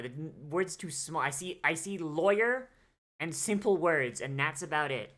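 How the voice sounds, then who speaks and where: A woman's voice: low-pitched, lively intonation, normal speed, fairly bright tone. A young woman streaming a video game, reading its dialogue aloud in playful voices and joking with crude swearing. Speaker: VTuber streamer. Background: game music.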